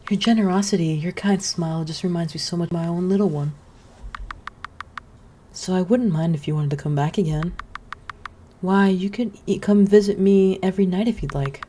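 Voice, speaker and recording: A woman voicing a gentle, lonely and motherly forest witch from a video game, speaking slowly in a sweet, coaxing way. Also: on the low side, slight background noise, lightly acted. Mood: tender. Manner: soft, slow and sweetly coaxing. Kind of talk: reading game dialogue aloud.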